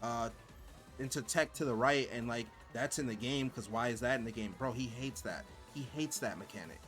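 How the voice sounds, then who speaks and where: A man's voice: mid-range voice, normal speed, fairly bright tone, faint music behind. A man streaming and commenting on gameplay in a rambling, exasperated way, full of filler words.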